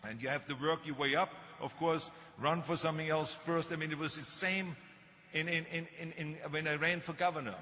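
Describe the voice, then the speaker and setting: In a muffled hall recording with slight background noise, an older speaker with a strong Austrian German accent gives a motivational talk full of dry-humored stories. His voice is a little high, bright and forceful, fairly even in intonation and a bit fast.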